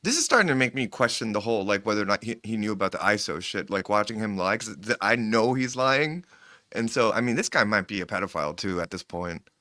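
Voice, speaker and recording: Livestream co-host, gossip chat, emphatic, blunt, bright forceful tone, dry close sound. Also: mid-range voice, lively intonation, quick pace, dry recording. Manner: emphatic, supportive, blunt insults.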